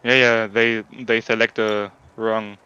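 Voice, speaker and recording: A man chatting casually while playing a racing game, halting and restarting, laughing often. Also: fairly low pitch, level tone, pushed and bright, smooth, lo-fi sound. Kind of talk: casual chat while gaming.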